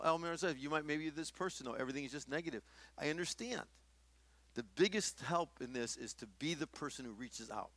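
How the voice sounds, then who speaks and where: An older man and pastor, teaching a workshop audience in a sermon style and telling stories in which he acts out the dialogue. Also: mid-range voice. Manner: storytelling, acting out dialogue with shifts in loudness.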